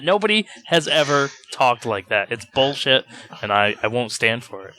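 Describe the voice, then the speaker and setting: A man's voice: medium pitch, big pitch swings, normal speed, bright, forceful tone, slight background noise. A man hosting a podcast in casual banter, teasing his co-hosts and giving blunt opinions. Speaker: podcast host.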